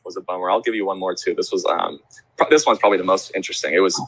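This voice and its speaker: A young man chats as an interview guest, spinning stories with plenty of restarts and fillers. His voice sits on the low side, and he jumps up sharply to play the voices of people he quotes. The sound is dry and close. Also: racing, husky, no echo, rough recording. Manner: animated, acts out quoted voices with big pitch jumps. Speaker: interview guest, sports event host. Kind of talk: casual storytelling chat.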